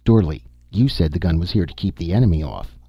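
A man reading an audiobook, voicing an eager, nearsighted male archaeologist with an excited, curious delivery. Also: sits low, fast, gravelly, slightly rough, no room sound, highs cut off, exaggerated voice.

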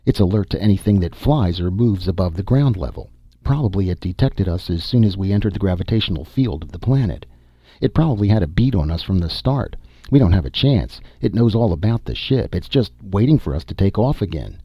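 A man reading an audiobook, voicing a steady, grim male expedition leader with a firm, commanding delivery. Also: deep voice, a little fast, slightly rough, dry recording, muffled recording, heavily acted. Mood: grave.

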